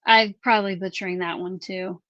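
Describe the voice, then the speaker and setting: A woman co-hosting a crafting livestream in a casual, chatty way, answering viewer questions and announcing giveaway winners with drawn-out reveals. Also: mid-range voice, steady tone, a bit bright, no echo. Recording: slightly muffled dry livestream audio.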